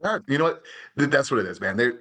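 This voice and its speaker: A man's voice: mid-range voice, animated, fast talker, a bit bright. A man talking casually as a podcast guest, easygoing, tossing in "dude" and "man". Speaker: guest, hot sauce maker. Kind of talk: casual chat.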